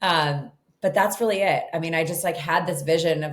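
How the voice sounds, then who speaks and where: Middle-aged woman, guest author, casual and chatty, slightly low voice, roomy echo. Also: brisk. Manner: chatty, animated, lots of "like" and "you know". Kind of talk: casual interview storytelling. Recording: echoey room.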